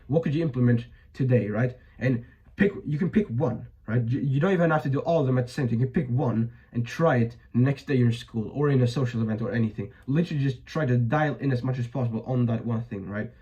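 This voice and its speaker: Young guy ranting advice, swears a lot, voice kinda strained, dark mellow tone. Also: mid-range voice, brisk, hardly any pauses, dull audio. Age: young adult. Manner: blunt, profane, filler-heavy. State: voice a bit strained. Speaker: vlogger. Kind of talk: casual advice monologue.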